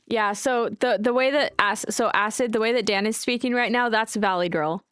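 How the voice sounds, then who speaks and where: Woman streamer venting n cussing, kinda high voice, super dry close mic. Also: normal speed, fairly bright tone, smooth, no room sound, soft background music. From United States. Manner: chatty, ranting, swears freely. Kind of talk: casual chat with voice call and chat.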